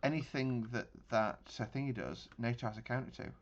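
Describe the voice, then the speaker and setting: A man's voice: mid-range voice, brisk, lo-fi sound, slight background noise. A man giving casual gameplay commentary on a naval battle game, thinking aloud with frequent restarts. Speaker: gaming channel host.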